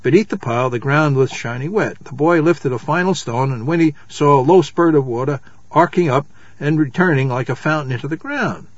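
Husky man reading a children's book. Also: on the high side, dry recording, highs cut off. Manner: measured, announces page numbers. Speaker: reader. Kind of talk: reading a children's novel aloud.

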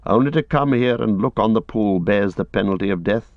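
A man gives voice to a grave captain in a storybook reading. He speaks low and deliberately, with formal authority. The recording is close, dry and slightly muffled. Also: dry recording, close to an everyday voice. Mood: stern. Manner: measured, formal and commanding. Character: stern noble male captain, grave and just.

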